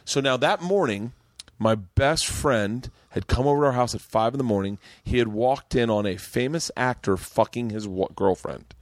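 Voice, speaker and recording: A man, a comedian, telling a long story in casual podcast chat, swearing freely and getting animated. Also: medium pitch, normal speed, no echo, clean studio sound. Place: podcast studio.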